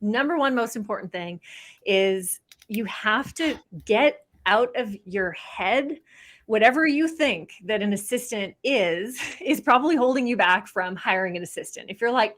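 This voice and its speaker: A woman's voice: on the high side, lively intonation, unhurried, fairly bright tone. A woman realtor and trainer, a guest on a podcast, telling stories in an upbeat, casual way and acting out the people she quotes. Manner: upbeat storyteller, acts out quoted people, laughs often. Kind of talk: casual interview talk.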